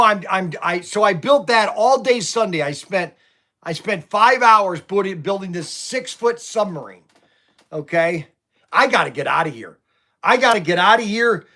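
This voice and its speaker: A man's voice: high-pitched, bright, forceful tone. A middle-aged man who owns a toy shop, rambling and stammering through livestream stories and frustrations. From Ohio. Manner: stammering, restarts often, venting.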